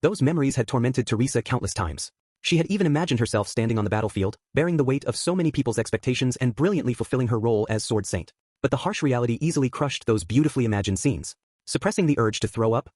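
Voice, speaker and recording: A man narrating an audiobook, reading quickly and evenly. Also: medium pitch, darkish tone, slightly rough, no echo.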